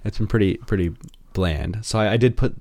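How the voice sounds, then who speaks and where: A man in his thirties with a Midwestern American accent, talking slowly and deliberately in a dry, understated way. His voice sits very low. The sound is close and dry, with no room around it. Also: darkish tone, no echo. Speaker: podcast co-host. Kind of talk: casual chat.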